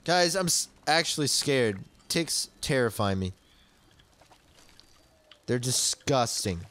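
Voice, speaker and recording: A man's voice: mid-range voice, expressive, takes it slowly, a bit bright. A young man in his twenties narrating his own gameplay casually, easily startled and prone to yelps and shrieks. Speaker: let's play gamer.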